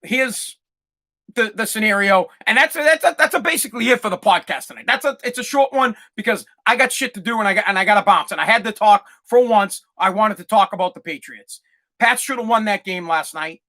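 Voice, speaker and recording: A man's voice: high voice, animated, a little fast, bright, forceful tone. A man hosting a solo sports podcast, ranting in a fired-up way, swearing and repeating himself. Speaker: podcast host.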